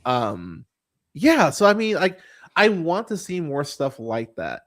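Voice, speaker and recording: A man hosting a casual movie podcast, rambling and swearing freely, full of fillers and restarts, and turning animated when he mocks what he saw. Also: a little high, slow. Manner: animated when mocking characters. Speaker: podcast host. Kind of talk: casual movie review chat.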